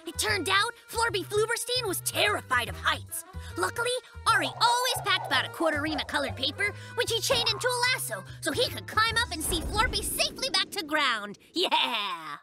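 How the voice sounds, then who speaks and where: An actor voicing an excitable, nosy little male polar bear cub in a cartoon. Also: very high voice, moderate pace, few pauses. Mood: excited. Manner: bouncy, eager, nosy. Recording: cartoon soundtrack with loud music.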